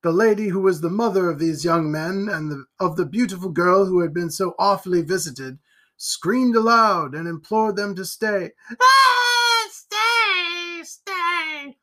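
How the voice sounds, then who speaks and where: Guy reading a gothic novel aloud, theatrical, voice sits high. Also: normal speed, a bit bright. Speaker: audiobook narrator. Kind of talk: dramatic audiobook narration.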